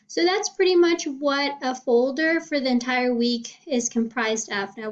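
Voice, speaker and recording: Woman, cosmetology teacher, casual screen walkthrough, a bit high-pitched, muffled lo-fi audio. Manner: chatty, checks in with "okay?". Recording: dull lo-fi sound.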